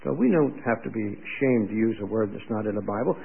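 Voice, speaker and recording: A man's voice: lowish voice, expressive, fast talker, vocal fry, husky. A man preaching a sermon in a conversational way, putting questions to his congregation, heard on a tinny lo-fi radio broadcast.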